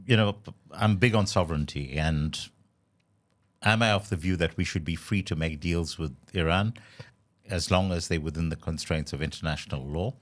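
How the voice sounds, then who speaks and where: A man with a very deep, low voice, co-hosting a political podcast. He argues in a measured, formal way, building each point deliberately. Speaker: podcast co-host. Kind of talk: casual political discussion.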